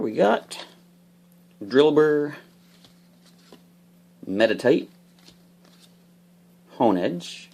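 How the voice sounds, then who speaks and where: A man casually opening trading card packs, explaining each card's rules with bursts of excitement. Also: medium pitch. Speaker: card unboxing host. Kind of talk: casual unboxing commentary.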